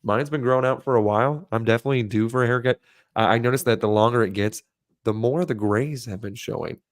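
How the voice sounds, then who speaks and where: A man's voice: mid-range voice, fast talker, dry recording, clean studio sound. A man co-hosting a live stream, chatting casually and cracking jokes. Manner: joking, chatty. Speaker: co-host. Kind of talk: casual chat.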